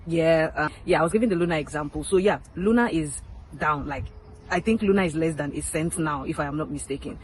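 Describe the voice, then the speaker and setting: A woman's voice: deep voice, a little fast, a little hiss or hum, poor audio. A woman talking casually to her viewers in a vlog, chatty and emphatic, repeating her points and dropping playful asides, in a public place. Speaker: crypto vlogger.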